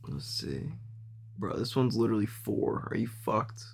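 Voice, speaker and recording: A laid-back man calls out prompts for a fill-in story game in relaxed slang. He talks slowly, in a mid-range voice. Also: lowish voice, creaky, husky. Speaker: host asking for fill-in words. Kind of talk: casual banter.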